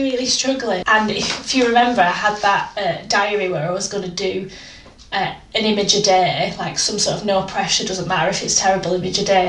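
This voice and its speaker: A woman's voice: mid-range voice, a bit bright. A woman chatting candidly and self-deprecatingly in a casual art vlog from her home art room. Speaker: art vlogger. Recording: roomy, distant home mic with faint noise.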